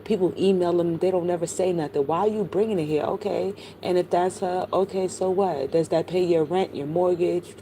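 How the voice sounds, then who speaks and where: A woman's voice: lowish voice, steady tone, moderate pace, hardly any pauses, warm tone, a little hiss or hum, low-quality recording. A middle-aged woman streaming, chatting casually and bluntly about online drama, gossipy and full of profanity. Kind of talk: casual livestream chat.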